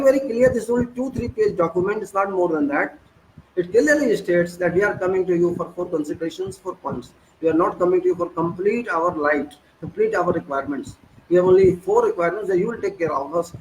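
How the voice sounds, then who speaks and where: Indian english guy ranting about politics, high voice, keeps asking angry questions, bit of noise behind. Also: darkish tone, poor audio. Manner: indignant, accusing, rhetorical questions, many restarts. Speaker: political commentator. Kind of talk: impassioned monologue.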